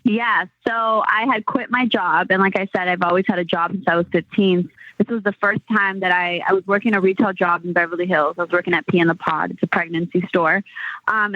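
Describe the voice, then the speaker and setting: A woman's voice: lowish voice, steady tone, a little fast, no echo. Young american woman, chatty and rambling, filler-heavy talk, thin phone-line sound, dry. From United States. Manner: rambling, many "like" fillers and restarts. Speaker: entrepreneur guest. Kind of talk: casual interview chat.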